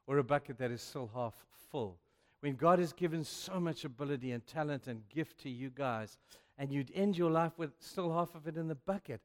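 A man preaching a sermon to young people, emphatic and chatty, often saying "you know". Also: mid-range voice. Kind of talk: youth sermon. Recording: echoey hall.

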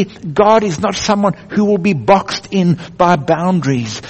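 A man's voice: high-pitched, darkish tone. A man preaching a sermon as a pastor, earnest and building emphasis through repetition. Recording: echoey hall.

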